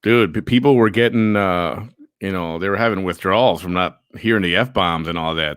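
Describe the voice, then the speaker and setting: A man's voice: deep voice, normal speed, fairly bright tone, clean tone, no echo, studio quality. A man hosting a live chat show, reading viewer comments aloud in an easygoing way. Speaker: host.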